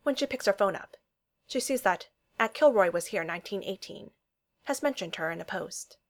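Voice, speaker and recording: Casting: woman storyteller, lively intonation, reading fiction aloud. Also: mid-range voice, normal speed.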